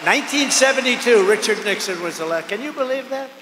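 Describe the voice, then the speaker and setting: An older man giving a campaign rally speech, rambling and repetitive, swinging between loud declarations and low asides. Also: expressive, fast talker, crowd noise, noisy background. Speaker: political candidate at a rally. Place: large outdoor or arena rally. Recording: echoey hall with long reverb.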